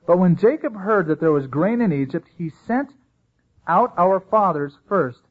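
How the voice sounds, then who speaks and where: A man preaching a sermon as pastor, lively and storytelling, acting out the people he quotes. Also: sits high, measured pace, slightly rough. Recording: tinny phone-like sound.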